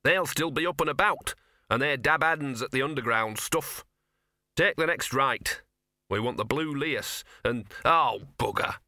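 A man's voice: medium pitch, measured pace, sharp tone, no room sound, clean studio sound. A man voicing a small, weary, grumbling male talking dog in an audiobook. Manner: grumbling, put-upon.

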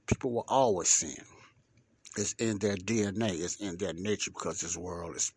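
On a podcast, a man teaches from the Bible in a low, darkish voice with a breathy edge, reading scripture slowly and with deliberation. He stresses key words by repeating them and asks rhetorical questions, all in a dry recording.

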